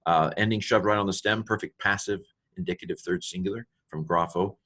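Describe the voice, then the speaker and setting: Man with a very low voice teaching Greek casually, parsing verb forms aloud, lots of ums, gets excited by grammar. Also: a little fast, breathy edge. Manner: thinks aloud, parsing each word with many ums and asides; delighted by small grammar discoveries. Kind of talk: informal walkthrough of a Greek text.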